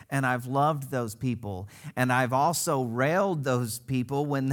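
A man's voice: medium pitch, a bit bright. A middle-aged man from Missouri preaching a sermon as pastor, telling stories with laughs and quoted voices. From Missouri, United States.

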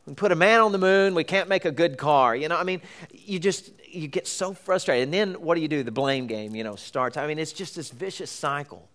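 A man's voice: fairly high pitch, a little fast, fairly bright tone. Man preaching a chatty sermon. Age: middle-aged. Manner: conversational storytelling with laughs and acted-out voices.

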